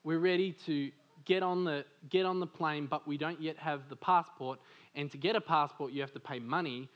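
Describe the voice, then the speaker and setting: A man from Australia preaching a sermon, animated and full of stories, laughing often and saying "like" a lot. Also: a little high, normal speed, dull audio. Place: church service.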